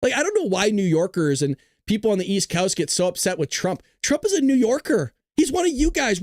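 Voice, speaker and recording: Animated Southern Californian man hosting. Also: very high voice, brisk, no echo, studio quality. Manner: joking, animated, rambling. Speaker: host. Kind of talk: livestream commentary. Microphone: close mic.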